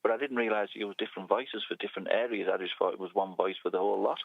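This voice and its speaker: Deep gravelly male caller on a phone line. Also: dry recording. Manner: hesitant, halting recollection. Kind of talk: casual phone-in chat.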